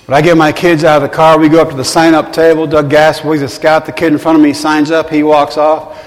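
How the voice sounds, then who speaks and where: Speaker, male, slightly high voice, earnest self-deprecating storyteller, big reverberant hall. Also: little pitch movement, brisk. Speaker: motivational speaker. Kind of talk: storytelling talk to a live audience.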